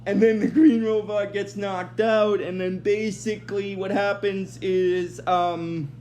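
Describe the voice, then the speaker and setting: A man's voice: high-pitched, little pitch movement, takes it slowly, a little mellow, a little hiss or hum. A man casually recapping a cartoon episode, rambling and hesitant with many fillers, apologizing when he drifts.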